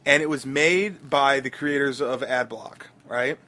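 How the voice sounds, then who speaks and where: A man's voice: medium pitch, a little slow, pushed and bright. A man co-hosting a casual podcast, rambling through stories with many fillers and restarts. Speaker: podcast co-host.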